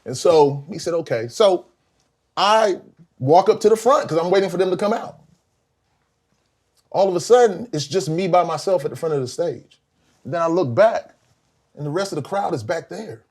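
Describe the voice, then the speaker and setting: An older man from South Carolina, a guest musician telling lively stories in an interview, acting out voices and laughing often. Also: high voice, moderate pace, long pauses, breathy edge. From Columbia, South Carolina. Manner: animated storyteller, acts out voices, laughs often. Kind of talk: storytelling interview.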